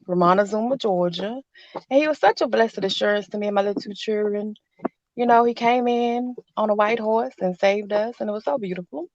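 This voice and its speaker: A woman telling a dramatic personal story, animated, sarcastic and churchy. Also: mid-range voice, gravelly, no room sound. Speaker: guest storyteller. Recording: dull lo-fi dry sound.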